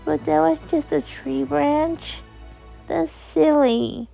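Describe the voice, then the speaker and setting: A woman voicing a scared little girl who talks slowly and pleads. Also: high-pitched, creaky, mellow, faint music behind, pitched above the performer's own voice, full character voice, poor audio. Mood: whimpering.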